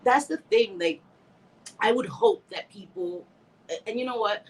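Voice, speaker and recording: A livestream host, slightly stuffy as she recovers from a bad cold, chats casually through viewer comments, emotional and teary yet laughing, heartfelt and rambling. Her fairly high voice swings widely in pitch, with vocal fry at a measured pace. Audio quality is poor.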